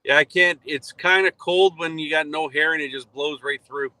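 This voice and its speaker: Chill dude on a video call, bright high voice, dry jokes. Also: male voice, fairly even intonation, normal speed, no room sound. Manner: laid-back, dry quips. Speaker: remote guest correspondent. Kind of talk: casual chat on live video call.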